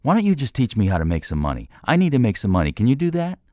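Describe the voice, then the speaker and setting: A man's voice: medium pitch, huge pitch swings, rapid-fire, darkish tone, no echo, clean studio sound, voice pushed up. A man voicing a defensive, indignant male business owner in an audiobook, protesting and snapping back. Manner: raises his voice, protests, snaps back. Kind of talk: audiobook character voice.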